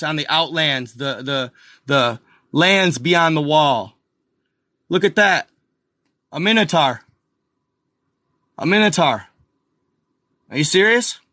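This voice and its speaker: An excitable man with a drawl rambles through a live show, speaking straight to his viewers. His voice is bright and pushed, a little higher than most men's, and it sits close and dry on the mic with no room sound. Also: no echo. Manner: excitable, rambling, addresses viewers as guys and y'all. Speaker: channel host. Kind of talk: casual live commentary over a map.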